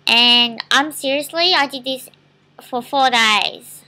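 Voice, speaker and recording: A woman's voice: sits high, takes it slowly, bright, forceful tone. A young Australian woman vlogging a casual rant to camera, exasperated and swearing as she talks.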